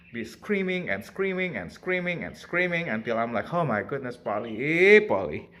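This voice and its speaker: Chatty man with a bright voice. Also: medium pitch. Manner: chatty, laughs often, coos at his bird. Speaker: pet bird owner vlogger. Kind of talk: casual talk to camera.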